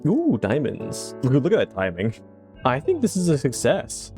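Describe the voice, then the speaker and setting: Playful man doing lively game commentary. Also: moderate pace, faint music behind. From Canada. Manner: playful, excitable, often laughing and shifting pitch. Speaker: game YouTuber. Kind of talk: casual gameplay commentary.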